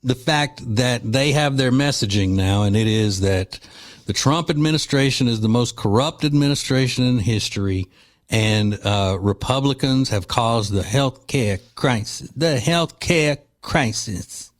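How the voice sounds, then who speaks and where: A man's voice: mid-range voice, normal speed. A man hosting a talk radio show, delivering an opinionated, combative monologue with mocking asides.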